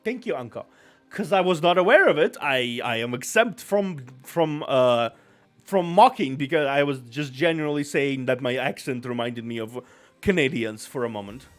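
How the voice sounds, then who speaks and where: A man's voice: mid-range voice, lively intonation, moderate pace, faint music behind. A man chatting casually on a live stream, rambling and self-deprecating, apologizing often.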